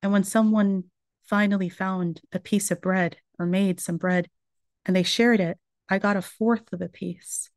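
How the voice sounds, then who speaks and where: A woman's voice: medium pitch, fairly even intonation, unhurried, no room sound. Woman giving an earnest religious talk. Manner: earnest storytelling, retelling a survivor's words. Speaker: lecturer. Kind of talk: religious lecture.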